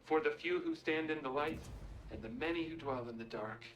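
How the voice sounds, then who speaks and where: A man voicing a grandiose, self-important ship founder in a game cutscene, speaking in a solemn, measured way. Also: on the high side, slight background noise, lightly acted. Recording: echoey with loud music behind.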